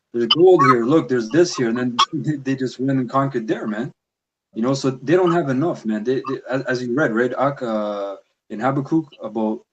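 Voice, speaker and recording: A man in a casual religious discussion, talking in an animated, heated way and often ending his sentences with "man.". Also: mid-range voice, lo-fi sound. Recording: noisy recording with clicks.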